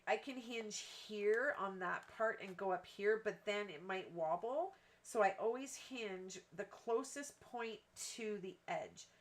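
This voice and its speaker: A woman's voice: medium pitch, a little hiss or hum. A woman hosting a card-making livestream, chatting casually and rambling, with self-deprecating asides as she demonstrates. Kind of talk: casual craft demo chat.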